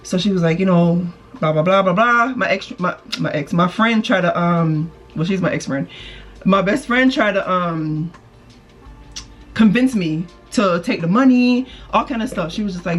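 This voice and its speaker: Woman, storytime vlogger, animated and salty, mid-pitch, faint music underneath. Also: moderate pace. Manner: animated, swears freely, acts out quoted people; talks while doing her makeup. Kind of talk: casual storytime.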